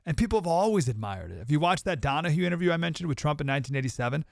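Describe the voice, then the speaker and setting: A man's voice: fairly high pitch, animated, very fast, gravelly, dry recording, studio quality. A man hosting a podcast, giving an emphatic, sarcastic commentary monologue and mocking his opponents in put-on quotes. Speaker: podcast host.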